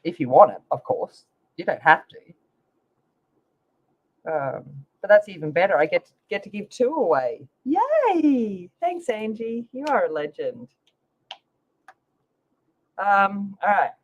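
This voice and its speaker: Woman, livestream host, casual chatty talk, animated pitch, muffled lo-fi sound. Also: unhurried, pauses often. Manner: chatty, talks to viewers by name. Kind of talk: casual livestream chat while coloring. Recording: slightly dull lo-fi sound.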